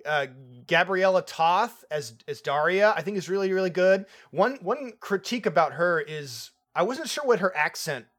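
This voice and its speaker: Young male co-host, excitable and loose, casual film chat, a touch higher pitched. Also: normal speed. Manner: excitable, laughs often, swears casually. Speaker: podcast co-host. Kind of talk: casual movie review chat.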